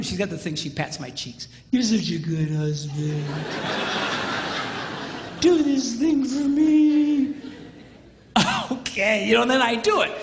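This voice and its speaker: A man's voice: sits high, in a large hall. A man preaching, a pastor telling a humorous story and acting out the dialogue. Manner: animated, acts out quoted dialogue, jokey.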